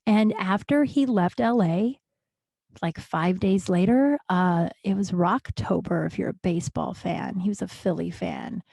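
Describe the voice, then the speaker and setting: Her voice fairly low, creaky and dark, a woman in her thirties from Colorado tells a personal story at a measured pace on her podcast. She is candid and self-mocking and swears plenty, and there is no room sound.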